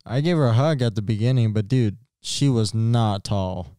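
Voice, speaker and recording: A man's voice: fairly low pitch, normal speed, warm tone, clear, resonant tone, no room sound. A young man co-hosting a podcast, telling laid-back stories in casual chat with lots of fillers, on a close mic. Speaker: podcast co-host.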